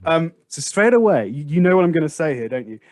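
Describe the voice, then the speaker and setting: A man hosting a casual podcast discussion, making his points emphatically and acting out past conversations with lively storytelling. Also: fairly high pitch, quick pace, no room sound. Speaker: podcast host.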